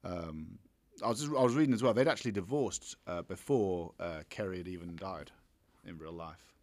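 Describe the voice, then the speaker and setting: A man co-hosting a casual film review chat, rambling with halting restarts and blunt swearing. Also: sits low, a little mellow. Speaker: podcast co-host.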